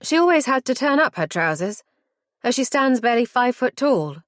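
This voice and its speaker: A woman reading a first-person story in a reflective, measured way. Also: fairly high pitch, sing-song, no room sound, clean studio sound. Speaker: audiobook narrator. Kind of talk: first-person audiobook narration.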